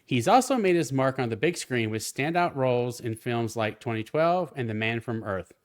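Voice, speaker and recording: A man hosting an interview over a video call, eager and friendly, often halting and restarting his sentences. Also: mid-range voice, lively intonation. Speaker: podcast host. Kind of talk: casual interview chat.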